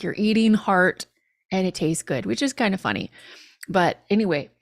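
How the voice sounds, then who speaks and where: A woman leads a live-streamed language class. She speaks in an unhurried, drawn-out way and keeps things chatty, laughing now and then at how phrases translate. The sound is dry and close, with almost no room around her. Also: medium pitch, no room sound. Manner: chatty, laughs at literal meanings. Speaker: language teacher.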